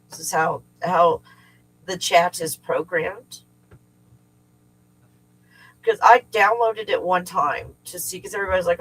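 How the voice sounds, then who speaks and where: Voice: medium pitch, a bit bright, low-quality recording. Middle-aged host swearing through a rambling livestream rant. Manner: rambling, profane, venting with frequent swearing. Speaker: livestream host and remote viewing teacher. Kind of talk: casual livestream chat. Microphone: livestream setup.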